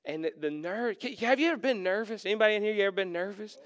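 A male pastor preaching a sermon, acting out the characters and swinging from loud to hushed. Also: sits high, fast, dry recording.

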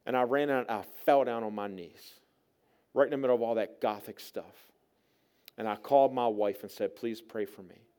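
A man preaching a sermon as a guest speaker, telling a personal story with strong emotion, dropping to a hush and then rising loud, often calling out to the congregation. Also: mid-range voice, moderate pace, clean tone. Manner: emotional storyteller, swings from hushed to loud, addresses folks directly. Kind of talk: sermon testimony.

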